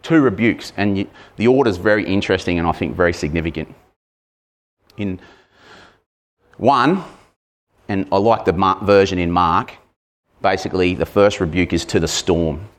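A man's voice: sits low, moderate pace, long pauses. Conversational male preacher. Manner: conversational, asks the congregation questions; acts out shouted lines with sudden loud bursts. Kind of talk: sermon.

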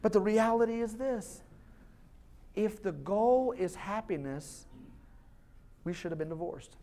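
A man's voice: sits high, unhurried, warm tone, a little hiss or hum. A man, a lead pastor preaching a sermon in a church, in a loose conversational style, slipping into quoted voices now and then. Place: church sanctuary.

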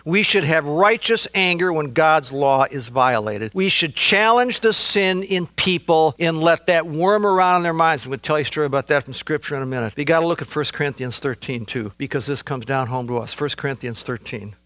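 A man preaching a sermon, emphatic, swinging between loud exclamations and low, quiet asides. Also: expressive, fairly quick, few pauses, no room sound.

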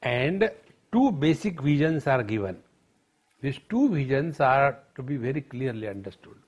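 A man's voice: medium pitch, very animated, unhurried, breathy edge. A man giving a spiritual discourse as a teacher, telling stories in a playful way and often addressing the audience as friends.

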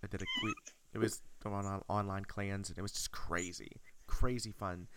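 A man's voice: on the low side, steady tone, moderate pace, fairly bright tone, clear, resonant tone. A young man hosting a podcast, telling a nostalgic story in an enthusiastic, rambling way. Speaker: podcast host. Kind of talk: casual storytelling chat.

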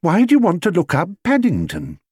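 A man voicing a gentle middle-aged mother in an audiobook reading, with a mild, curious way of talking. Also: sits high, huge pitch swings, fairly quick, slightly rough, no echo, pitched above the performer's own voice, heavily acted.

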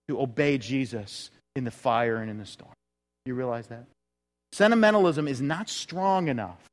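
A male pastor giving a conversational sermon in a church, full of rhetorical questions and acted-out quotes. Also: mid-range voice. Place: church sanctuary. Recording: reverberant church hall.

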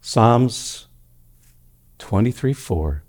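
A medium-pitched male pastor draws out his words while preaching and storytelling at a church service. His delivery is animated, moving between loud, emphatic passages and hushed ones.

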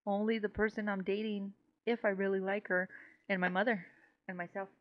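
A woman's voice: medium pitch, flat delivery, fairly quick. A woman co-hosting a casual podcast, rambling and swearing freely, laughing often, a little tipsy. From Mexico. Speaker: podcast co-host. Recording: slightly dull lo-fi sound.

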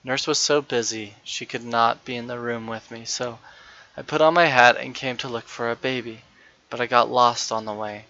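A man's voice: medium pitch, fairly even intonation, normal speed, pushed and bright. A man voicing a small, eager, shy little girl who speaks with childlike wonder in a raised voice. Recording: dull, lo-fi dry recording.

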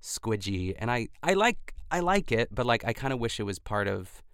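A man's voice: mid-range voice, big pitch swings, normal speed, fairly bright tone, clean tone, no echo, clean studio sound. A man hosting a podcast, recapping in casual chat and filling his talk with "like" and restarts. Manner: chatty, lots of "like" fillers and restarts. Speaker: podcast host.

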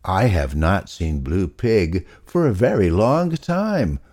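A man voicing a slow, kindly male pig in a storybook, speaking gently. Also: low-pitched, sing-song, heavily acted. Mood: concerned.

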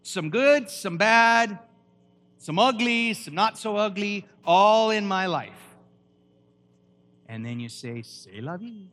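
Man, pastor, emphatic sermon, high voice, questions the crowd. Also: animated, slow pace, pauses often, fairly bright tone. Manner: preachy and emphatic, quizzing the audience.

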